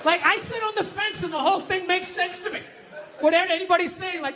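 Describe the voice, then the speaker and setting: A man doing a stand-up routine, ranting loudly and dropping to a low mutter. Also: fast. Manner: loud ranting, swings from shouting to low mutter. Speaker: stand-up comedian. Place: comedy club stage.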